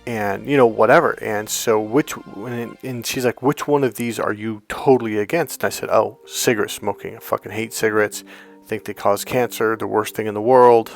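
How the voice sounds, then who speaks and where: Animated storytelling man, swears freely. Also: lowish voice. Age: middle-aged. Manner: animated, swears freely, acts out quoted people. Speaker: dating coach. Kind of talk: casual storytelling monologue.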